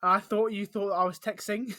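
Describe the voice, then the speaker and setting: A man's voice: high voice, little pitch movement, moderate pace, sharp tone, no echo. A young man hosting a podcast, chatty and rambling, laughing a lot in casual talk. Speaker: podcast host. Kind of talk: casual chat.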